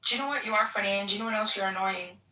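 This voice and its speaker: Woman guest rambling on, very bright voice, sounds far from the mic in an echoey room. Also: medium pitch, racing, slight background noise. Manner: rambling, many fillers and restarts, laughs often. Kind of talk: casual chat.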